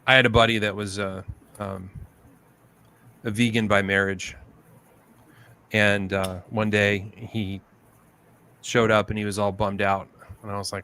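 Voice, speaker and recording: Man, livestream host, casual chat, bright tone, slightly low pitch, easygoing storyteller. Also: normal speed, long pauses. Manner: easygoing storyteller, acts out quotes.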